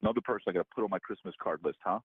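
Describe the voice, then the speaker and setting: A man's voice: low voice, very fast, husky, no room sound. A man on a phone call, angry and confrontational, snapping sarcastic questions. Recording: tinny phone line.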